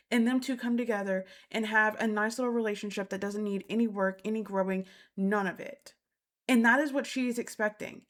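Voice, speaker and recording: Blunt, emphatic woman with a higher voice. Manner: emphatic, repeats points for stress; blunt and exasperated. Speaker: reality TV recap host. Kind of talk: casual opinionated commentary.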